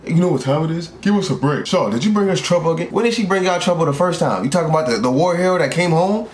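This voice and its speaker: A young man from South Carolina, reacting to an anime in casual, excitable and profane commentary from a room at home. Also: on the high side, quick pace. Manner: excitable, profane, animated outbursts. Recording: roomy echo, faint background hiss.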